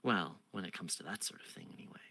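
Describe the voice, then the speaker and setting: A man voicing an ancient, sly fae queen in a hushed, teasing, unhurried whisper. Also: low voice, huge pitch swings, gravelly, slightly rough, voice pushed down, exaggerated voice.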